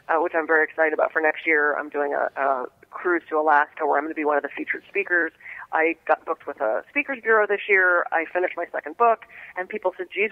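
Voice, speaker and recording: A woman's voice: lowish voice, dry recording. An enthusiastic woman from Pittsburgh, speaking in a trained neutral American accent as a radio interview guest and laughing often. Her voice comes dry and close over a somewhat dull, muffled phone line. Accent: none, trained neutral American. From Pittsburgh, USA. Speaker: guest, alternative medicine practitioner.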